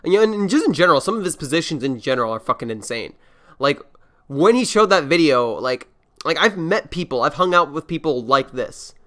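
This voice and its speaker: A man's voice: fairly high pitch, sing-song, a little fast, fairly bright tone. A man hosting a casual reaction podcast, rambling and swearing freely. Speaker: podcast host.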